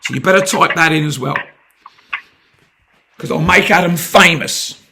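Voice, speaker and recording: A man's voice: a little high, normal speed, gravelly, sharp tone, slight background noise. A British man making a heated, blunt complaint on a phone call, pressing and sarcastic. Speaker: complaining customer.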